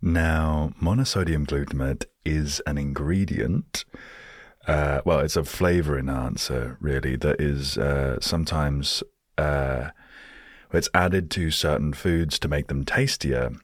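Very deep-voiced, wry British man. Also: fairly even intonation, slow pace, dry recording, clean studio sound. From Britain. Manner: wry, self-deprecating humor. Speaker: podcast host. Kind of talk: solo storytelling podcast.

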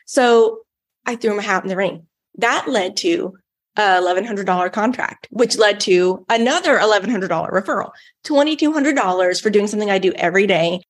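A woman's voice: mid-range voice, brisk. Texan woman, podcast guest, chatty and upbeat, casual storyteller. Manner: chatty and enthusiastic, many "like"s. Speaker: guest giving a testimonial.

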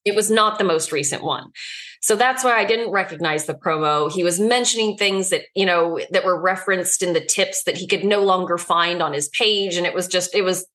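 A woman's voice: lowish voice, fairly quick, a bit bright. A woman co-hosting a podcast, telling a story in a candid, easygoing way. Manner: candid, storytelling, laughs easily. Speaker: podcast co-host. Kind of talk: casual podcast chat.

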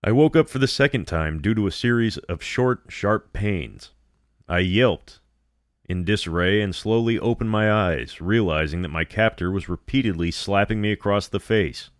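A man narrating a first-person horror story in a steady, measured way. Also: fairly low pitch, no room sound, clean studio sound.

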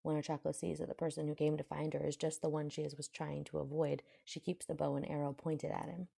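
A woman reads a fan-fiction story aloud and narrates it plainly. Her voice is low and mellow, with heavy vocal fry throughout. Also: little pitch movement, fast, hardly any pauses. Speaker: audiobook reader.

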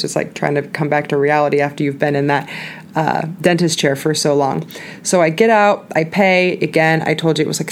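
A woman hosting a podcast, telling a personal story in a loose, candid, chatty way. Her voice sits low for a woman, and there is a faint hum of ambience behind her. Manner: chatty, candid, laughs often, lots of "like". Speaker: podcast host. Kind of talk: casual storytelling monologue.

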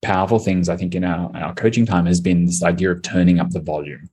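Husky-voiced man, chatty and laughing. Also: deep voice, steady tone, darkish tone. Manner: chatty, laughs often, quick bursts of delight. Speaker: coaching client, guest. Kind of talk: casual podcast conversation.

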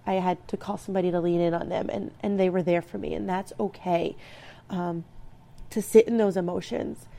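A woman's voice: mid-range voice, mellow. A woman in her thirties giving a reflective personal talk, earnest and rambling, with frequent restarts. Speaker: speaker sharing personal growth advice.

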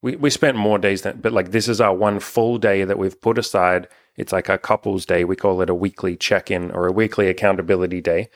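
Low-voiced, frank, swearing young man. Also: fairly even intonation, a little fast, few pauses. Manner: rambling, frank, swears often. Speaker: relationship coach and channel host. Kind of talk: casual couple's chat on camera.

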